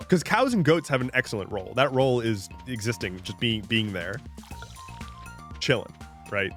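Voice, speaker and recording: A man's voice: medium pitch, expressive, moderate pace, fairly bright tone, faint music behind. Rambling jokey male game streamer. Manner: rambling, jokey, talks to chat; frequent restarts and swearing. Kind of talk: casual live-stream chat while gaming.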